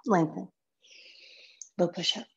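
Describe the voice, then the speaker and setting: Woman yoga teacher, slow spare cues, slightly low voice, practicing along; muffled lo-fi home recording. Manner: calm, sparse one-word cues, some soft whispered counts. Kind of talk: guided yoga class cues.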